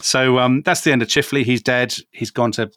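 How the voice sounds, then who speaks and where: A man's voice: medium pitch, steady tone, normal speed, a bit bright, no room sound. A man co-hosting a casual history podcast, chatty and hesitant, with wry asides. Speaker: podcast co-host.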